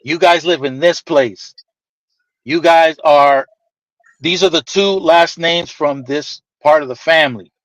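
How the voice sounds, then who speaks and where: A man's voice: a little high, a little slow, no room sound, dull audio. A man telling a casual, profane anecdote, animatedly acting out the people in it. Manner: animated, profane, acts out quoted voices. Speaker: storyteller.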